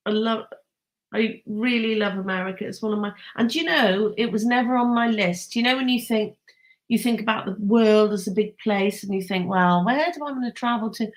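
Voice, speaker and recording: A woman's voice: mid-range voice, moderate pace. Chatty woman, gushing. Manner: chatty, enthusiastic, laughs often. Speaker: host. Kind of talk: casual chat with live viewers.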